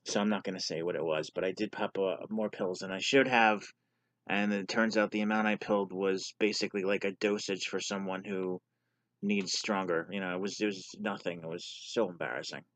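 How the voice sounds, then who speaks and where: Candid low-voiced man telling his story. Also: steady tone, brisk, a bit bright, dry recording. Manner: candid, self-deprecating. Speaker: vlogger sharing his story. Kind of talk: casual personal storytelling.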